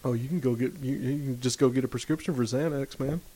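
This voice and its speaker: A man co-hosting a casual podcast chat, rambling and easygoing, sometimes reading a passage aloud in a steady, measured way. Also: mid-range voice. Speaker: podcast co-host.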